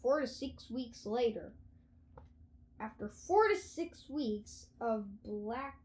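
A woman reading a children's audiobook aloud in an expressive storytelling manner. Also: on the high side, slow. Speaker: audiobook reader.

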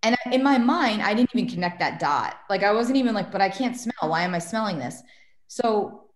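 A woman's voice: mid-range voice, fairly quick. A woman, a guest medium and tarot reader, chatting casually on a podcast and telling stories with acted-out quotes. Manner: animated storytelling, acts out quotes. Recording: echoey room.

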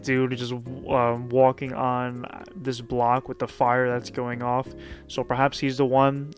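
A man casually recapping and commenting on a manga chapter in a loose, chatty way, with plenty of fillers. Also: mid-range voice. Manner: loose, chatty retelling with frequent fillers and quick laughs.

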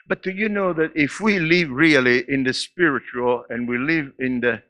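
A man in his eighties with a foreign accent, preaching a sermon in church with laughs and sudden swings between loud and quiet. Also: medium pitch, moderate pace, dry recording. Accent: non-native English. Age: 80s. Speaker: pastor.

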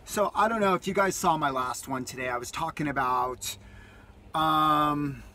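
A man's voice: a little high, moderate pace, pushed and bright. A man vlogging from his parked vehicle, telling a rambling, enthusiastic story in a casual way that repeats itself.

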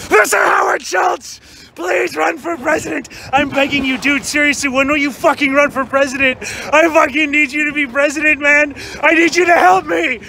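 A frantic young superfan, as a man puts him on, yelling his pleas in a very high, bright, strained voice. He rambles and begs crudely with a gravelly edge to his shouting. Faint street noise sits behind him outdoors. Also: fairly even intonation, moderate pace, heavily acted. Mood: frantic ranting. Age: young adult. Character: manic, desperate young male political superfan. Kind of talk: improvised comedy rant.

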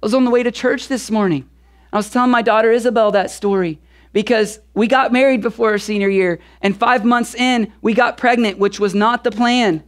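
A pastor in his thirties preaching a sermon through a relaxed personal story, talking conversationally with casual fillers. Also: high voice, fairly quick.

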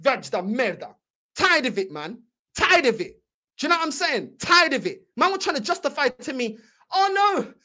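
A woman's voice: sits high, sing-song, moderate pace, pushed and bright. A young woman, hosting a football fan channel and ranting angrily, mocking and repeating herself. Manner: heated, mocking, repetitive ranting. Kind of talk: angry fan reaction rant.

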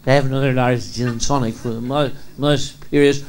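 A man's voice: mid-range voice, steady tone, quick pace, a little hiss or hum, natural voice. A man voicing a polite nun who orders drinks at a bar.

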